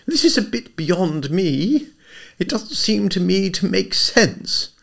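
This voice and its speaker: A dim young upper-class English gentleman, plaintive and easily flustered, as a man puts him on. His voice sits high and swoops wildly from note to note. He gushes in eager, breathless bursts. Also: sing-song, takes it slowly, creaky, exaggerated voice.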